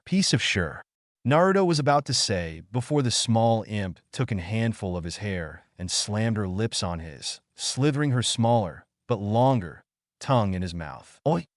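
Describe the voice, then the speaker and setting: Brief: male narrator, animated pitch, close dry recording. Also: normal speed, no echo. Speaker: fan fiction narrator. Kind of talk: story narration.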